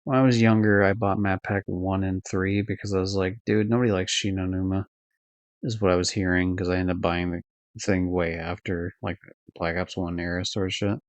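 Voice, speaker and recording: A man's voice: low-pitched, flat delivery, brisk, dry recording. A young man streaming live, rambling casually through game ratings with lots of fillers, swearing and self-corrections. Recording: dull lo-fi dry stream audio.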